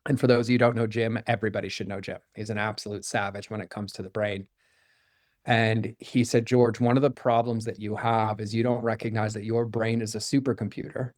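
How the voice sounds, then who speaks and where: A man speaking as a podcast guest, telling a personal story in a candid, animated way and acting out the dialogue he quotes. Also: on the low side, fairly quick, no echo, clean studio sound. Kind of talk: storytelling in conversation.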